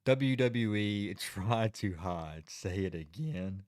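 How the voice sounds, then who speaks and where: Male streamer, low voice, casual, laughs easily, keeps stalling. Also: expressive, drawn-out words, a little mellow, dry recording, clean studio sound. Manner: chatty, giggly, keeps stalling. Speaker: livestream host. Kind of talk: casual livestream chat.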